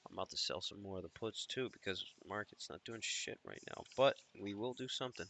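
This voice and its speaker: A man's voice: on the low side, a little fast, sharp tone. A man hosting a live trading stream, thinking aloud and swearing as he mutters to himself.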